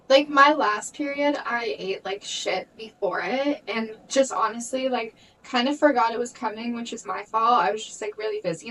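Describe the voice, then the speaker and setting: Young female co-host, higher voice, slightly off-mic, frank chatty girl talk. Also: fairly bright tone, far from the mic, rough recording. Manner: chatty, lots of "like", frank and swearing. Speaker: podcast co-host. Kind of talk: casual chat.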